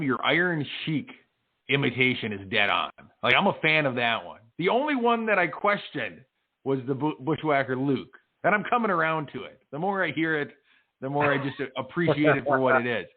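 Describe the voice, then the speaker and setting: A man's voice: a little high, lively intonation, fairly quick. A man hosting a podcast, chatting casually and enthusiastically, praising and encouraging his co-host. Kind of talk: casual chat. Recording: tinny phone-like line.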